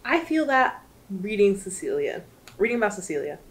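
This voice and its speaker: A woman's voice: mid-range voice, very animated, moderate pace. A woman reviewing a book in casual chat, chatty and emotional, rambling with lots of fillers.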